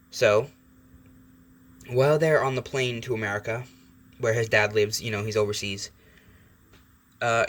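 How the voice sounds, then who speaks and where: A man's voice: fairly low pitch, fairly bright tone. A young man hosting his channel, telling a fan story in a chatty, rambling way with fillers and self-corrections. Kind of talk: casual fan-fiction storytelling.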